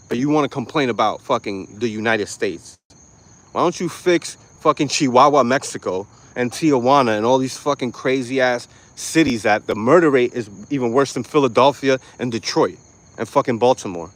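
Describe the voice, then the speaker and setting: A man ranting to camera in a profane, mocking vlog, angry and loud. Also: medium pitch. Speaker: vlogger. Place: lives in Florida.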